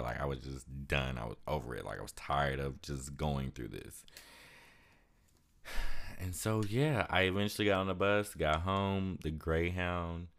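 A young man casually retelling a story for his vlog, with lots of "like" fillers and lively quoted asides. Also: extremely low pitch. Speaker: vlogger.

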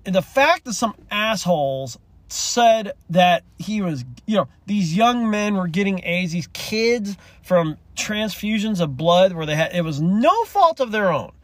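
A man's voice: fairly high pitch, no room sound. Impassioned man ranting, dry and close. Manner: impassioned, rambling, swears, chokes up and tearful. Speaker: podcast host. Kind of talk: emotional solo rant.

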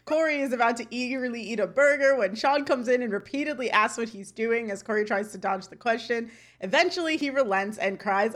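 A woman with a slightly higher voice runs through episode scenes in easy podcast chat. She quotes characters briskly and breaks into laughter often. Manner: reads scene recaps with quick quoted lines, laughs often. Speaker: podcast co-host. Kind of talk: casual recap chat.

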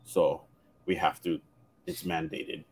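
A man's voice: low voice, huge pitch swings, takes it slowly, creaky, breathy edge. A man, chatting casually and asking hesitant questions. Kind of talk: casual chat.

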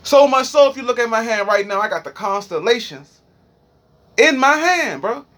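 Young man with a D.C. accent, high-pitched, rambling profane freestyle monologue. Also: animated, moderate pace, a bit bright. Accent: Washington, D.C. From Washington, D.C. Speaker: streamer.

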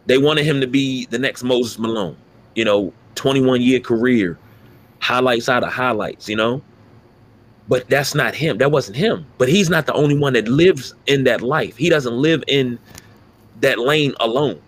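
Animated, profane male sports podcaster. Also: mid-range voice, unhurried, a little hiss or hum. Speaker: podcast co-host. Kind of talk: casual sports talk.

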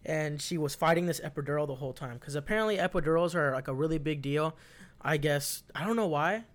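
Talking fast in a slightly high voice, a young adult man rambles through a long, casual story. Profanity runs throughout, and he fills the gaps with words like "like."

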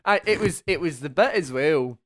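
Animated man, swearing freely. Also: fairly high pitch, moderate pace, a little hiss or hum. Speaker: podcast co-host. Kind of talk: casual film discussion.

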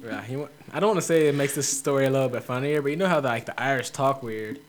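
A man's voice: medium pitch, faint music behind. A young man co-hosting a podcast, chatty and joking, with lots of slang and filler. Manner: jokey and chatty, quick to laugh. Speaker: podcast co-host. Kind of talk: casual chat.

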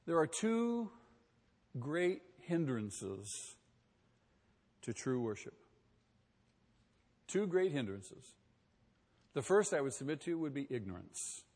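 A man preaching a sermon with a husky, fairly high voice. He swings from hushed asides to loud emphatic passages, peppering it with rhetorical questions. A long hall reverb trails each phrase. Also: sing-song, slow pace, pauses often. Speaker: pastor.

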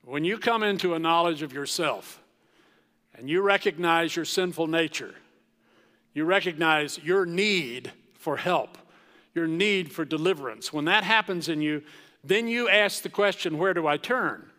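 A man preaching a sermon as pastor, slow and emphatic, with dramatic pauses. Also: on the high side, pushed and bright. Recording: long reverb of a large hall.

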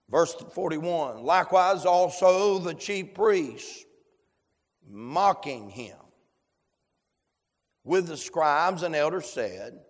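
Slow preacher in a reverberant church. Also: male voice, fairly high pitch, expressive. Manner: slow, emphatic preaching with prayer cadence. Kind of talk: sermon, reading scripture aloud. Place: church sanctuary.

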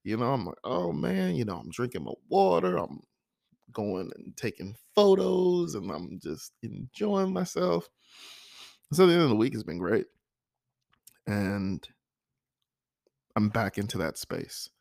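Low gravelly man musing earnestly. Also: very animated, unhurried, long pauses, a little mellow, no room sound, studio quality. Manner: earnest, repetitive, self-reflective. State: frog in his throat, clearing it. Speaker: vlogger. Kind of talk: reflective personal monologue.

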